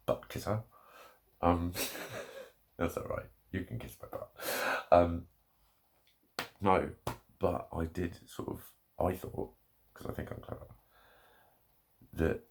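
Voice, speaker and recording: A man's voice: low voice, vocal fry, a little mellow. A man delivering an angry, swear-filled vlog rant straight to the camera. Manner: heavy swearing, angry ranting. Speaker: vlogger. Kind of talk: ranting monologue.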